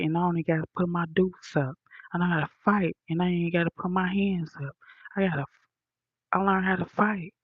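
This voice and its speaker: A woman ranting bluntly and profanely to her viewers, talking softly into a headphone mic at home in a condo. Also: fairly low pitch, slightly rough, dry recording, muffled recording. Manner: blunt, profane, soft-spoken. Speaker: vlogger. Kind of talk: casual rant to viewers. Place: high-rise condo.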